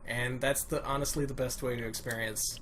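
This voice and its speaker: A man's voice: medium pitch, steady tone, fairly quick, a bit bright, slight background noise. A man giving casual live-stream commentary while playing a retro game, with dry, wry remarks.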